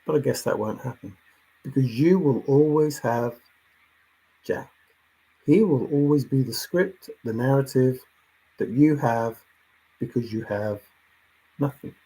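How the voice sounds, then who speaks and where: A man delivering a lecturing, insistent monologue, repeating himself and swinging between quiet talk and loud outbursts. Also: mid-range voice, unhurried, pauses often, breathy edge, rough recording. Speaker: treasure hunt commentator. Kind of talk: ranting monologue.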